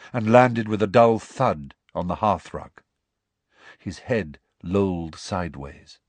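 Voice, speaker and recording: A man narrating an audiobook, telling the story with expressive delivery. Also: breathy edge, dry recording. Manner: expressive storytelling with lively, varied pitch. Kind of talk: scripted narration.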